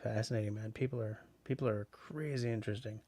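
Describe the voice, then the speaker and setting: Gravelly middle-aged man rambling to a livestream. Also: fairly low pitch, fairly even intonation, fast, dark tone. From Canada. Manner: rambling, many restarts and fillers. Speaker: livestream host reading chat. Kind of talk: casual chat.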